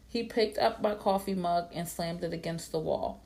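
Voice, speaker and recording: A woman narrating a dramatic first-person story in a plain, steady reading voice. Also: fairly low pitch, normal speed, vocal fry, hardly any pauses.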